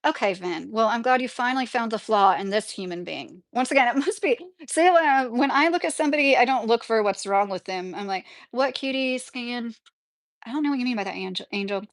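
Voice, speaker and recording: A woman's voice: on the high side, expressive, fast talker, few pauses. A woman hosting a casual livestream, chatting and talking back to viewer comments as she reads them. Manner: chatty, laughs often, talks back to the chat. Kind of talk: casual chat.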